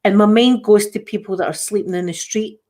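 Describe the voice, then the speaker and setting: A Scottish woman hosts a relaxed livestream chat. She rambles and restarts her sentences often as she talks to her viewers. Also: mid-range voice, brisk. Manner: chatty, rambling, frequent restarts. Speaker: livestream host. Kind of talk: casual chat.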